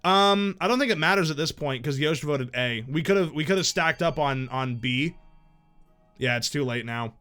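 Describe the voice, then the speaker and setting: A man's voice: on the high side, normal speed, bright, forceful tone, soft background music. A man streaming a game live, thinking aloud in casual, profane chat.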